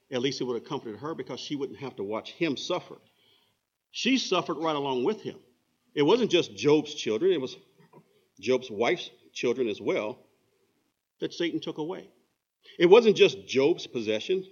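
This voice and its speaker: A man preaching a sermon in an emphatic voice, slowing down to dwell on key words. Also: on the high side. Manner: emphatic, with slow dramatic phrasing. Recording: dull lo-fi recording.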